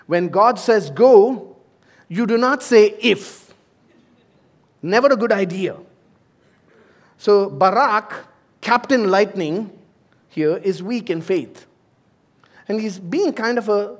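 Man preaching a dynamic sermon. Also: high-pitched. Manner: dynamic preaching, swinging from soft to loud emphatic exhortation. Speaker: senior pastor.

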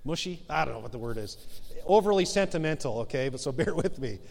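A man in his forties preaches a sermon in a casual, self-mocking way and builds to earnest urging. His voice sits a little high. The sound carries a long reverb, as if recorded in a large church hall. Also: lively intonation, fast, vocal fry, a little mellow. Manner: conversational, self-deprecating, rises to emphatic exhortation. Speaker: pastor.

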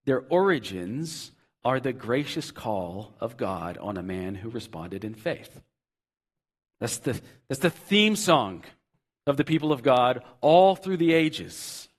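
Speaking slowly with big pitch swings, a male pastor delivers an earnest, repetitive sermon. He swells into loud emphasis, then sinks into quiet, low asides.

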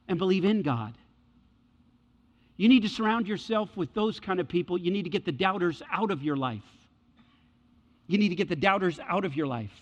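A high-voiced pastor delivers an animated, colloquial sermon, repeating his points again and again. His voice rings with long reverb through a large church hall, and the recording sounds dull and lo-fi.

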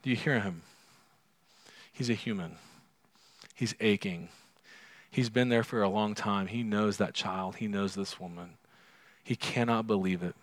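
Speaking at a measured pace with frequent pauses, a pastor with a lowish voice delivers a conversational sermon. His volume moves from loud and emphatic to hushed, and he often puts questions to the congregation.

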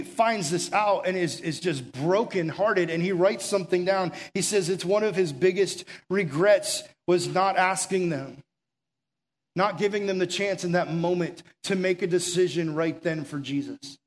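A young adult man preaching a sermon, earnest and urgent, telling stories conversationally with filler words and dropping to quiet, intimate stretches. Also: high voice, moderate pace. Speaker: pastor.

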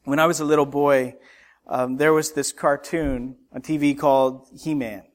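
A man's voice: on the high side, steady tone, moderate pace. A man preaching a sermon, telling a personal story with frequent fillers and restarts before rising into scripture reading. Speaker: pastor.

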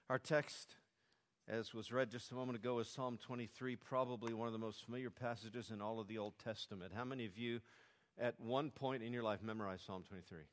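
A man's voice: mid-range voice, brisk, long reverb tail. An older man preaching a sermon as pastor, leading the children to repeat his points and growing more fervent as he goes.

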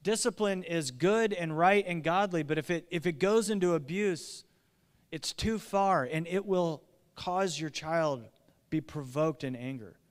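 A middle-aged man, a pastor, preaching a sermon in an earnest, urgent way with lively asides. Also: fairly high pitch, a little slow. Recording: long reverb of a large hall.

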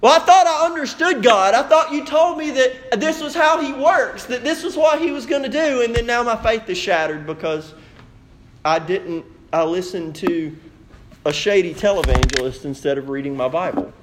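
A man voicing a heartbroken believer whose faith is shattered, complaining in a high, strained voice. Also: moderate pace, a little hiss or hum, lightly acted. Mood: dismayed.

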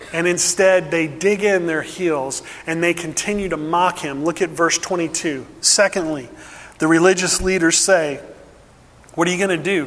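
High-voiced guy preaching in a church hall, earnest, goes quiet then builds up, long echo. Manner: earnest, drops to a hush then builds with emphasis. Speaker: pastor. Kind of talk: sermon.

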